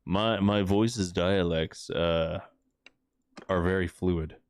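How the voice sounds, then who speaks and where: A man's voice: low-pitched, fairly even intonation, takes it slowly, slight background noise. A man hosting a livestream, rambling and joking crudely while he plays. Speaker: livestream host. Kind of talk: casual gaming commentary.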